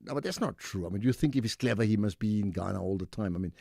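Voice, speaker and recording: A man's voice: fairly low pitch, rapid-fire, vocal fry, a little mellow, no echo, studio quality. A man hosting a call-in radio show, talking casually and pushing back on callers. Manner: conversational, rebuts callers directly. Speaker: radio talk show host. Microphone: studio microphone.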